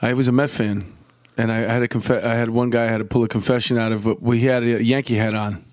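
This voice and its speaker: A man's voice: mid-range voice, little pitch movement, fast, darkish tone. A man, a former detective, chatting casually and jumping in with questions. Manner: conversational, interjects questions. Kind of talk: casual chat.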